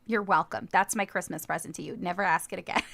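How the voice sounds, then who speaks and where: A woman's voice: on the low side, quick pace, vocal fry, background noise. A woman livestreamer in casual chat who giggles often and answers her viewers' comments as she goes.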